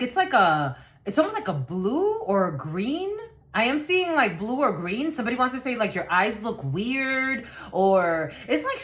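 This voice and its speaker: A woman's voice: on the high side, a bit bright. A woman giving a collective tarot reading to camera, blunt and rambling, swearing freely and laughing often. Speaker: tarot card reader.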